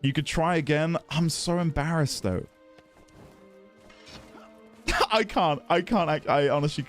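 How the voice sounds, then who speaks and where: Lively, chatty male streamer. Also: a little high, slow pace, long pauses, soft background music. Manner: chatty, giggly, self-deprecating. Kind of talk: casual live-stream chat while gaming.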